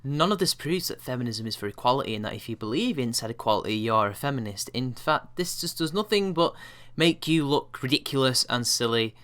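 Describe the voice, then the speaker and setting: A man's voice: medium pitch, animated, brisk, a bit bright. A man giving response-video commentary, rebutting with scorn and exasperation.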